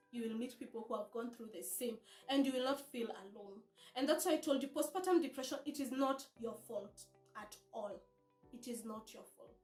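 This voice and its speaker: A woman hosting a support group talk, giving earnest, direct advice to new mothers and coaxing them along with tag questions. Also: on the high side. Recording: echoey room with faint music.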